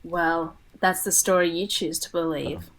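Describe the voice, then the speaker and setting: Brief: woman voicing a swaggering tough-talking criminal woman, low-pitched. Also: steady tone, unhurried, a crowd in the background, rough recording. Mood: brash. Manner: brash, swaggering, sweary. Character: brash tough-talking female crook.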